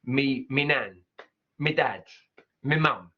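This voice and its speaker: A man teaching an online English pronunciation lesson, upbeat, repeating example words slowly to show how they sound. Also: medium pitch, dull audio.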